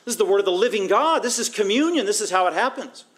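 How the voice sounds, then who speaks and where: A man's voice: sits high, expressive, fast talker. A middle-aged man preaching a sermon as a pastor, emphatic and conversational, piling up repeated phrases for stress. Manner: conversational, breaks into acted quotes.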